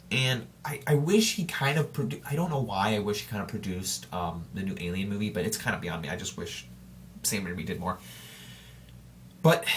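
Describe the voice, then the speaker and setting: A man hosting a solo podcast in casual chat, talking straight to his listeners and rambling, with frequent restarts and self-corrections. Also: mid-range voice. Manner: informal and chatty, addressing listeners directly. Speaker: podcast host.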